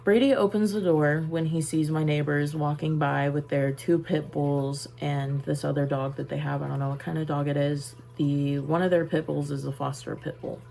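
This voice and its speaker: A young woman telling a personal story in a casual vlog, halting and trailing off into soft asides while busy with a task. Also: low-pitched, steady tone, creaky, low-quality recording. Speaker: vlogger.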